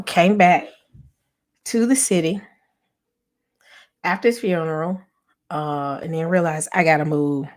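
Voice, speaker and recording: Soft-spoken woman with a lowish voice. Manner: talks directly to viewers, reads and answers chat comments; soft and reflective, sometimes drops to a whisper. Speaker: vlogger and channel host. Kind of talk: casual heartfelt livestream chat.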